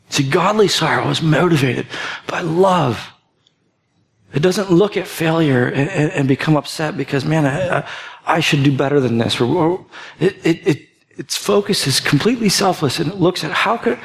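A man's voice: fairly high pitch, moderate pace, creaky. Earnest man preaching with fervent build. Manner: earnest, repeats words and restarts often, builds to impassioned emphasis. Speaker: pastor. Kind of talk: sermon.

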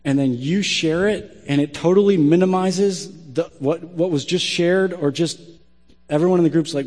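A male pastor delivering a sermon in a large hall, his voice ringing out with a long reverb. He speaks in a slightly higher register, blunt and emphatic in his direct address. The tone is forceful and pointed. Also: normal speed.

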